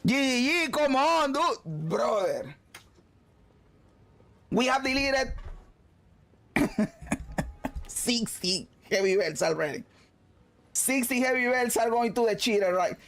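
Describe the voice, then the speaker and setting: A man streaming a video game, commenting loudly, swearing and shouting at the game. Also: extremely high pitch, lively intonation, slow pace, long pauses. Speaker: gaming streamer. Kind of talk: excited gameplay commentary.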